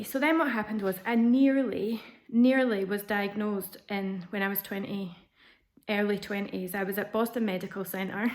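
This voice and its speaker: A woman vlogging, telling a personal story in a candid, chatty way with frequent ums and restarts. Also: medium pitch. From Scotland.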